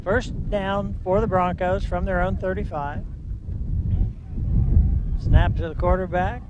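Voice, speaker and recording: Brief: man announcer, high voice, wind noise in mics, dry jokes. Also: steady tone, takes it slowly, dull audio. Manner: jokey, dry banter between plays. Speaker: play-by-play announcer. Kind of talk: local sports commentary. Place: outdoors at a high school football game. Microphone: wind-blown broadcast mic.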